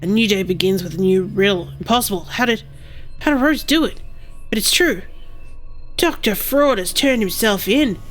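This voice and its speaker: A woman's voice: mid-range voice, moderate pace, soft background music, natural voice. A woman reading as an earnest detective heroine. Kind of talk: reading a game's narration aloud.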